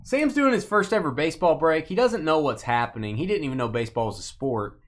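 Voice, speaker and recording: A male break host with a lively, bouncing voice that rises and falls as he calls out cards. He jokes and teases viewers by name in a casual, chatty way. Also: on the high side, fast. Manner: joking, teasing viewers by name. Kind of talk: live sports card break commentary.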